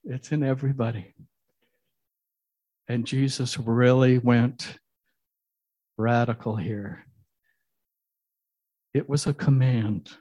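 A man's voice: medium pitch, fairly even intonation, slow pace, pauses often, mellow. A man giving a sermon as minister, conversational and telling jokes along the way.

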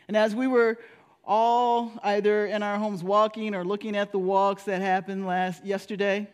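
A woman's voice: mid-range voice, moderate pace, clean tone. A woman pastor giving a sermon in a storytelling manner. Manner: storytelling, with animated voices for quoted people.

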